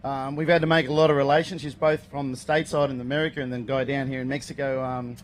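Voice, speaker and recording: A man's voice: medium pitch, little pitch movement, fast, slight background noise. A man from Queensland with an Australian accent, an off-road race driver chatting in a casual, upbeat interview at an outdoor race event. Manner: upbeat and chatty, calls people mate.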